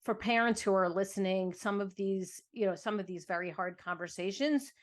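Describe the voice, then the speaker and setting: A woman's voice: mid-range voice, normal speed. Affirming woman podcast host. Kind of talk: podcast interview.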